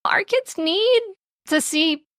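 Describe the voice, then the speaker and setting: A woman speaking as a podcast guest on parenting and mindfulness, gentle and reflective, often laughing lightly as she explains. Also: very high-pitched, animated, slow pace, no room sound, clean studio sound. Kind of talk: podcast interview.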